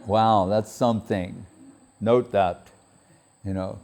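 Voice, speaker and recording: A man giving a spiritual talk, telling a story in a lively way, quoting others in a raised voice and laughing often. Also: on the low side, slow pace. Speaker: spiritual speaker.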